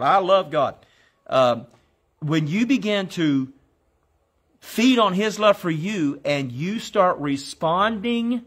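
A man preaching a sermon, quoting scripture in slow, emphatic phrases and leading listeners in spoken declarations. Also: fairly high pitch, a bit bright. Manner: exhorting, leads the congregation in spoken declarations.

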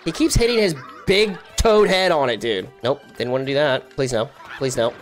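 Excitable young man yelling over gameplay. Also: a little fast, few pauses, soft background music. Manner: excitable, yelps high when frustrated, laughs often. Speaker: gaming YouTuber. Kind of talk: casual multiplayer gameplay commentary.

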